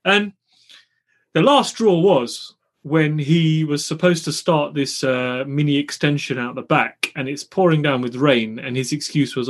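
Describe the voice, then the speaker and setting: A man's voice: on the high side, animated, moderate pace. A man, a property developer, tells an exasperated story in a casual podcast chat.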